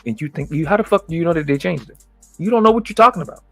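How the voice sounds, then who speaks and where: A man's voice: fairly high pitch, lively intonation, racing, creaky, a bit bright, dry recording, faint music behind. Angry ranting man, profane and mocking. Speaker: livestream host.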